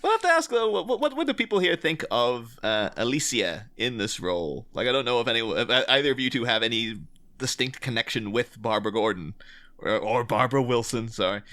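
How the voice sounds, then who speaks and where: A man with a bright, forceful voice hosts a podcast. He asks his guests questions and steers the conversation in easy, casual chat. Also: mid-range voice, very animated, fairly quick. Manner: inquisitive, guiding the talk. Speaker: podcast host.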